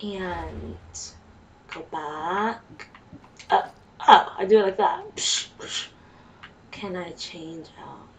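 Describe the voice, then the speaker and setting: A let's play gamer mutters and reacts to herself while playing a video game, giving casual gameplay commentary. Her lowish voice swings widely in pitch and moves extremely slowly with long pauses, picked up by a distant mic with faint noise.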